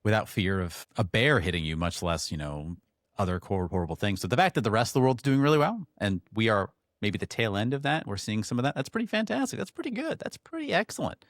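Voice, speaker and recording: A man with a low voice chatting in an easygoing, friendly way as a podcast co-host. The sound is close and dry. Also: a little fast, dry recording. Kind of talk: casual chat.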